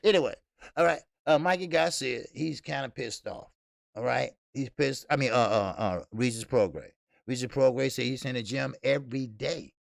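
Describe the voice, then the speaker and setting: A man's voice: medium pitch, normal speed, creaky, dry recording, clean studio sound. A man hosting a casual boxing livestream who talks bluntly and profanely, laughs often and rambles with lots of fillers while reading viewers' chat. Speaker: boxing channel host.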